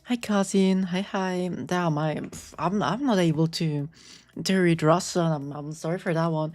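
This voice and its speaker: A woman streamer with a slight German accent chats casually with her viewers from home. Her voice sits a little low for a woman. She rambles playfully and breaks into quick squeals as she reads chat, with faint music underneath. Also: a little mellow. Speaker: VTuber streamer. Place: home apartment.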